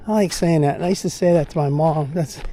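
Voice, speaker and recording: A man's voice: on the high side, quick pace, dark tone, a little hiss or hum. A man from Pennsylvania talking casually and ramblingly during an outdoor walking vlog, sharing his opinions. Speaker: vlogger.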